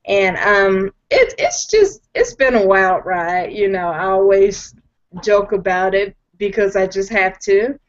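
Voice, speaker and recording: A woman in her twenties from Chicago, telling her personal story on an online call, hesitant with lots of "um"s and quick to joke about herself. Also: medium pitch, animated, highs cut off. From Chicago, USA. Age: 20s. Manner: hesitant with many "um"s, self-joking. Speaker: guest panelist. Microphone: video call.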